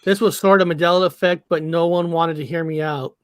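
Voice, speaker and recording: A man's voice: a little high, fairly even intonation, a little fast, clean tone. A man in casual chat as a podcast co-host, stammering and prodding with questions.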